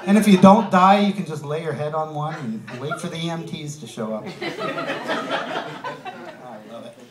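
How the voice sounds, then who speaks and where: With a voice on the high side at normal speed, a male comedian works through a stand-up set, punchy and wry, throwing asides to the audience as they laugh. The live club sound is reverberant with heavy background noise and a distant mic.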